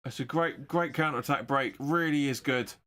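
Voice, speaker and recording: A man hosting a football watch-along stream, giving excitable, sweary live match commentary. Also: medium pitch, moderate pace.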